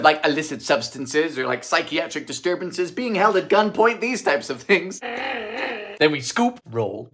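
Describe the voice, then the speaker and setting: Lively sarcastic young man cooking. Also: sits high. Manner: dry, sarcastic quips with sudden shouted outbursts. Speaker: vintage recipe baking show host. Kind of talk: comedic cooking narration.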